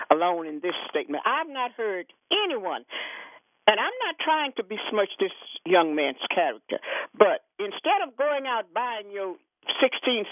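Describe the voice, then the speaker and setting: Woman radio caller, indignant, stammering repeats, dry phone-line sound, fairly high voice. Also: dry recording. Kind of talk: call-in talk radio. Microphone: telephone.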